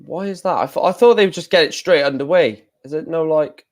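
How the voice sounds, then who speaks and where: A man's voice: a little high, fairly quick. Casual male streamer, rambling and self-correcting. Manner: chatty, thinking aloud, self-correcting. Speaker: live stream host. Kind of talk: casual live-stream commentary.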